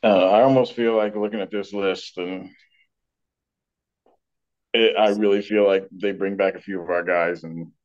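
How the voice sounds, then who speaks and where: A man's voice: sits low, fairly even intonation, moderate pace, long pauses, a little mellow, lo-fi sound. A man co-hosting a casual sports podcast, blunt and full of restarts, hiccuping now and then. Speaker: podcast co-host.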